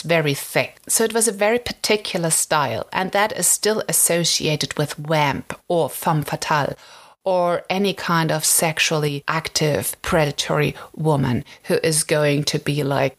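A woman hosting a podcast, telling old film history in a chatty, casual way, often saying "like" and stressing words with animation. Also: lowish voice. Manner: chatty, frequent "like" fillers, animated emphasis. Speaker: podcast host.

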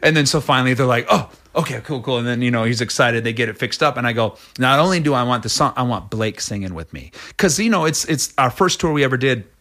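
A middle-aged man being interviewed as a rock singer, telling stories in a rambling, animated way with many restarts. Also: fast talker, hardly any pauses. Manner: rambling, many restarts, acts out quotes in a much higher voice. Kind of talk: animated casual interview storytelling.

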